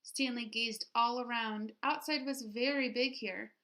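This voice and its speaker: A woman teacher reading a children's picture book aloud with expression, pausing to ask her listeners questions. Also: on the high side, fairly even intonation, fairly bright tone.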